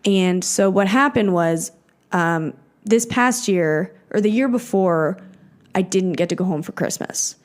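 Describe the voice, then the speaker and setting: This woman in her twenties co-hosts a podcast with a medium-pitched, unhurried voice. She chats casually, leaning heavily on "like" and other fillers, swearing freely, and acting out quotes.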